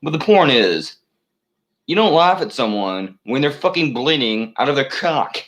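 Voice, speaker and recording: A man's voice: medium pitch, sing-song, measured pace, a bit bright, rough recording. A man delivering a rambling solo rant to camera, full of profanity, fillers and false starts. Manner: profane, meandering, many fillers and restarts. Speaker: channel host.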